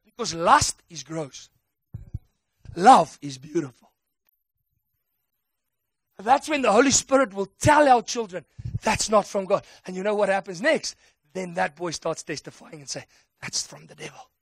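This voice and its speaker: A man preaching a sermon with emphatic call-and-response delivery that builds to excited shouts. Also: high voice, a little slow, pauses often, slightly rough, dry recording, clean studio sound.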